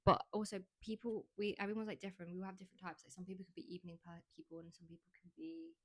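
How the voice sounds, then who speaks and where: Chatty low-voiced woman podcaster. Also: level tone, racing, fairly bright tone, dry recording. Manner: chatty, frank, heavy use of "like". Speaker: podcast host. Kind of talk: casual monologue.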